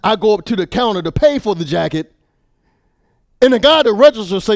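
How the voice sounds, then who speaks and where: Male preacher, impassioned sermon, high voice, hushed to shouting, dry close sound. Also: animated, brisk, pauses often, dry recording. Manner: impassioned, repeats words, swings from hushed to shouting.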